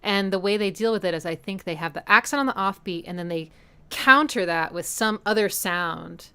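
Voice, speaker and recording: A woman with a medium-pitched, sharp, clean voice speaks at a moderate pace while hosting a casual music analysis stream from home. Enthusiastic and chatty, she scats rhythms aloud to explain them, with a song playing faintly behind her in this easygoing educational commentary.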